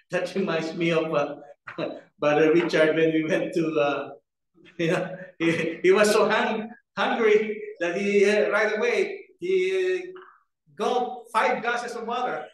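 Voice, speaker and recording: A man's voice: high voice, slow. A man preaching a sermon in a church, earnest, repeating key phrases for emphasis and asking the congregation questions. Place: church hall. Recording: echoey room, picked up from a distance.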